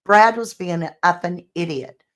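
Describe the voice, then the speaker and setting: Low-voiced woman hosting true crime commentary. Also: moderate pace. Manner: speculative, reads out messages and asks questions. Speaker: true crime channel host.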